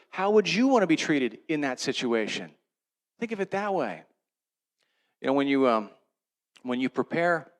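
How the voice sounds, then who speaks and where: With a fairly high-pitched voice, a middle-aged pastor tells his sermon in a chatty, story-driven way, moving back and forth between loud emphasis and quiet moments.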